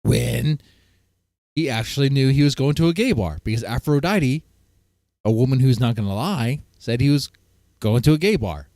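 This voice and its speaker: A male livestream host chatting with viewers in a loud, profane, heated way. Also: mid-range voice, animated, normal speed, no room sound, studio quality. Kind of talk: casual livestream chat with viewers.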